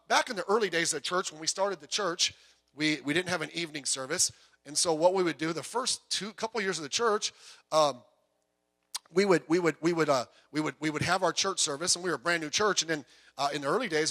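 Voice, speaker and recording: A pastor with a slightly high, pushed, bright voice gives a sermon in a church sanctuary, carried over the PA system. He talks conversationally, drifting into asides and personal stories.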